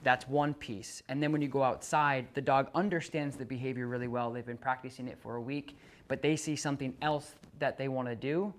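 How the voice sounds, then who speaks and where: A man's voice: mid-range voice, steady tone, fairly quick. A man working as a dog trainer, explaining to a client in an earnest way, often restarting his sentences and acting out what the dog and owner say.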